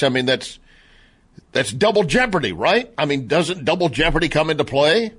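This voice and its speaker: Man, talk radio host, slightly high voice, emphatic, conversational commentary. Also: big pitch swings, moderate pace, fairly bright tone, husky.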